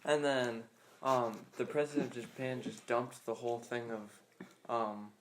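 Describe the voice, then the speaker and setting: A man's voice: mid-range voice, level tone, a little slow, very noisy. A man in a casual podcast chat, telling a story in a rambling way with lots of fillers. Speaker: podcast co-host.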